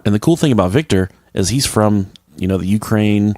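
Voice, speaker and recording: A man with a very low voice trades loose, profane jokes as a podcast co-host. His talk is casual and crude. The sound is dry and close, with no room in it. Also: brisk, darkish tone, no echo. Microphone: podcast microphone.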